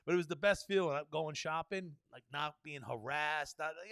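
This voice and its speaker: A young man rants alone on his podcast, swearing freely and circling back to "you know what I mean". His voice sits high for a man. The sound is close and dry. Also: lively intonation, brisk, fairly bright tone, clean tone, no echo. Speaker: podcast host. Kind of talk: solo podcast rant.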